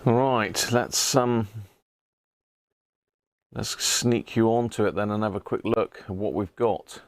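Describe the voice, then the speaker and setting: A middle-aged British man who restores radios hosts a live stream, chatting casually, greeting viewers one by one, and chuckling often. His voice is gravelly, on the low side, fairly even in intonation, and slow. The sound is dry and close, with no room echo.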